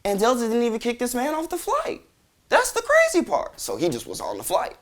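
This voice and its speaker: Commentary host, male, exasperated profane rant, very animated delivery. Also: very high voice, fast. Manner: exasperated, incredulous, heavy swearing.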